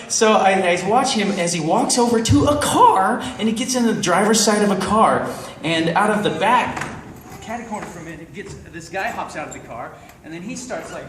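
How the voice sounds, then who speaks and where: A man's voice: high-pitched, a little hiss or hum. A man in his thirties telling a funny story to a live audience, laughing often and acting out the voices in it. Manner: animated, laughing, acts out voices. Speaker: convention panel guest. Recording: roomy hall, mic from far off.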